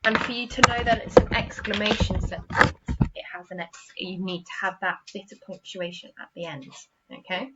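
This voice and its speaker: A woman's voice: mid-range voice, normal speed, muffled recording, heavy background noise. A woman teaching a primary school literacy lesson, patiently repeating "okay?" and acting out example sentences with expression. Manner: patient, repeats "okay?" after each point.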